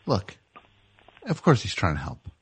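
A man's voice: deep voice, wildly swooping pitch, measured pace, breathy edge. A man hosting a comedy call-in show, teasing callers and riffing in a rambling way. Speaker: host.

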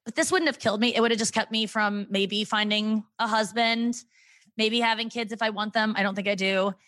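A woman's voice: medium pitch, fairly even intonation, fairly quick, a bit bright, no room sound. A woman in her thirties, a comedian guest on a podcast, talking candidly in a frank, profane and self-mocking way.

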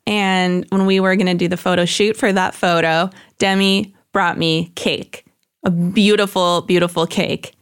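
Animated woman co-host telling a comic story. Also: lowish voice, measured pace, clear, resonant tone. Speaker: podcast co-host. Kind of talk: casual storytelling.

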